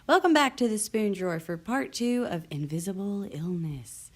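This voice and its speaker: A woman's voice: mid-range voice, very animated, normal speed. A young adult woman hosting her own vlog, talking candidly and with sarcasm, with frequent restarts. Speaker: vlog host. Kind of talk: casual talk to camera. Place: lives in the US South.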